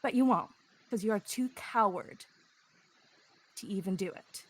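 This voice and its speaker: A woman's voice: mid-range voice, unhurried, slightly rough. A woman voicing an enraged male adventurer who rants and swears at length. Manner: ranting, heavy swearing.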